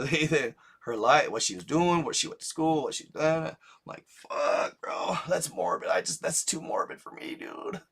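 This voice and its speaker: A man's voice: a little high, fairly bright tone. Young male channel host with a slightly raised voice, talking off the cuff in cursing, restart-heavy slang. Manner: profane, slangy, lots of "dude" and restarts. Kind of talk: casual rambling monologue.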